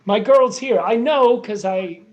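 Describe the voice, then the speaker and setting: A woman reading the part of a lovesick young American man in a live play reading over a video call, with a lively, dramatic rhymed delivery. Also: a little high, measured pace, natural voice. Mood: earnest.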